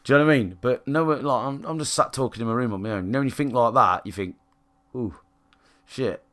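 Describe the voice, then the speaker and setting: This English game streamer fires off rapid, rambling chat to his live stream from his own room, alone, sweary and blunt with lots of fillers and restarts. His voice is male, medium-pitched and fairly bright.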